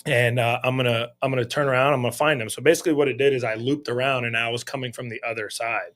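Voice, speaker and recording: A man's voice: mid-range voice, fairly even intonation, fast talker, fairly bright tone. A middle-aged man, a sheriff's lieutenant, telling his story candidly in a casual interview and quoting his own thoughts as he goes. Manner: candid, retelling in quoted inner thoughts.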